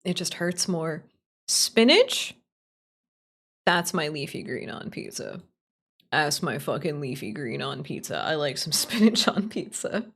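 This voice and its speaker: A low, creaky female voice with a fairly bright tone swings widely in pitch and keeps a measured pace. She streams live, talking casually and responding to chat with playful, blunt opinions and plenty of swearing.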